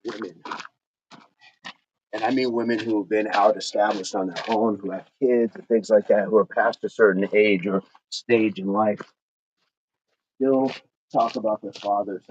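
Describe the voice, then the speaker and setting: A lowish, slightly mellow male voice belongs to a middle-aged man exercising outdoors on a livestream, chatting casually, reading comments out loud, and counting reps. The audio is dull and lo-fi, with faint noise.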